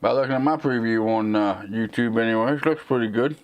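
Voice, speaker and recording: Casting: Southern American man, middle pitch, live stream host, rambling and sarcastic, slight slur. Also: a little fast. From United States. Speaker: tech channel host.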